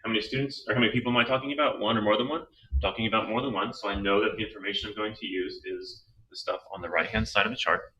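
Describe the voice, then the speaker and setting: Male teacher, very low and sharp-edged voice, patient step-by-step explainer, recorded a little off-mic. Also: fairly even intonation, racing, recorded from a distance, rough recording. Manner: patient, walks through reasoning step by step. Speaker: Spanish teacher. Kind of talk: slow explanatory lesson.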